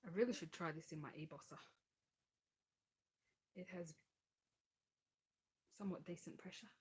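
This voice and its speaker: A woman's voice: fairly low pitch, moderate pace, slight background noise. A woman hosting a live crafting stream, chatting casually as she narrates each step and laughs at her own mishaps. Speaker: crafting channel host.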